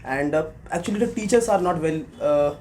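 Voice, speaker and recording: A man's voice: a little high, lively intonation, a little fast, warm tone, a little hiss or hum. Hesitant young Bihari man in interview. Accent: Indian (Bihar). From Bihar, India. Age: 20s. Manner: hesitant, many fillers, grows insistent when arguing. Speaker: job interview candidate. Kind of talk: mock job interview.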